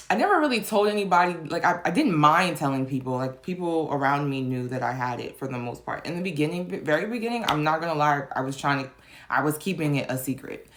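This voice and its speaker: Young woman vlogger, slightly low voice, teary and emotional, rambling confessional delivery. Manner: rambling, many fillers and restarts. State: tearful, emotional. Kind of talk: personal confessional vlog.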